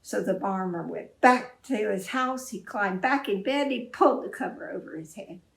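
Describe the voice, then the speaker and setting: A woman librarian reading a story aloud to children in an expressive storytime manner. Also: mid-range voice, normal speed, vocal fry. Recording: echoey room.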